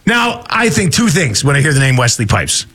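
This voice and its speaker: A man's voice: a little high, very animated, normal speed. A man hosting a radio show, joking casually and laughing often.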